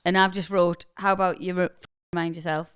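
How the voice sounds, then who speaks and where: A woman in her thirties trades playful, blunt banter on a podcast. Her voice is smooth and clear, and it sits close and dry with no room sound. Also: on the low side, flat delivery, a little fast, dry recording. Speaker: podcast co-host. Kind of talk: casual chat.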